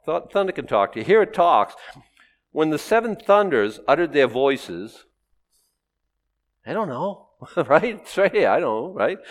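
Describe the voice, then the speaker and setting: A middle-aged man preaching a sermon, teaching through a Bible passage in a conversational way with sudden loud rises. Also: on the high side, big pitch swings, unhurried. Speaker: pastor.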